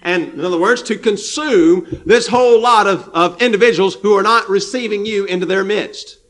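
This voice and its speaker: A man's voice: high voice, normal speed, a bit bright. A man preaching a sermon, emphatic and repetitive, with frequent restarts.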